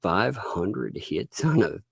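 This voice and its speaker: A man hosting a casual livestream, laughing often and mocking people with quick impressions. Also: deep voice, very animated, vocal fry, breathy edge, no room sound, studio quality. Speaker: livestream host. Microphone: desk microphone.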